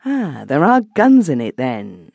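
A woman's voice: deep voice, wildly swooping pitch, unhurried, creaky, darkish tone, husky, dry recording, exaggerated voice. A woman doing a guarded woman on a couch. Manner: neutral, guarded tone. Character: composed woman listening from a couch.

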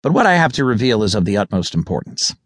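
A man's voice: lowish voice, big pitch swings, fast, no echo, clean studio sound. An actor narrating an audiobook and voicing a smug middle-aged male governor with a prim, clipped, self-important manner. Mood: haughty.

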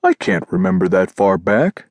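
A man's voice: sits low, very animated, normal speed, no echo, pitched below the performer's own voice. A man voicing a good-natured, muddled male dog.

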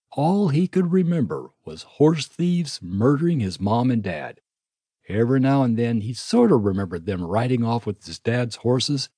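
Warm, husky male audiobook narrator. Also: lowish voice, dry recording, studio quality. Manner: steady storytelling. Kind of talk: scripted narration.

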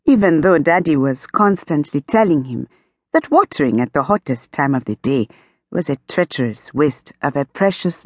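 A woman narrating an audiobook in a steady storytelling manner, lightly amused. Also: low-pitched, slightly rough, no room sound, clean studio sound.

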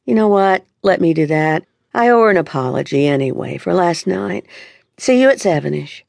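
A woman's voice: lowish voice, lively intonation, moderate pace, creaky, darkish tone, dry recording. A woman narrator voicing a cheerful young woman friend, breezy and upbeat.

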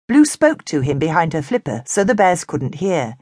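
A woman narrating a children's storybook in an animated, expressive way. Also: low-pitched, normal speed, hardly any pauses, no echo, clean studio sound. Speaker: audiobook narrator.

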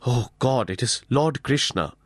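Guy doing a scared sorry hunter begging forgiveness, shaky and pitched up, low voice underneath, dry close sound. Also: expressive, unhurried, no echo. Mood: pleading. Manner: pleading, trembling, higher-pitched outbursts. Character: frightened remorseful hunter, adult man. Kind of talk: audiobook character voice.

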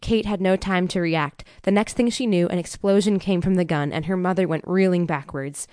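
A woman narrating a thriller audiobook in a steady, measured way. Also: fairly low pitch, dry recording, clean studio sound. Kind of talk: scripted narration.

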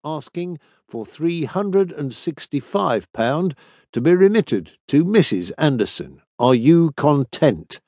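A man reading the part of a businesslike pay clerk aboard a ship in a storybook, deliberate and matter-of-fact. The sound is dry and close. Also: on the high side, big pitch swings, mellow, no echo, voice pushed up, full character voice.

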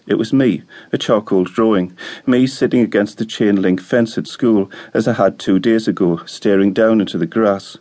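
Calm, low-voiced male audiobook narrator. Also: moderate pace.

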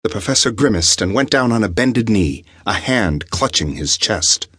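Deep, husky audiobook narrator. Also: male voice, lively intonation, normal speed, a bit bright, no room sound, studio quality. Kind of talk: scripted narration.

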